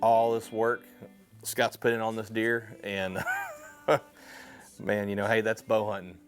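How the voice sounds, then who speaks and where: Low-voiced man hunting partner. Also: monotone, a little slow, music in the background.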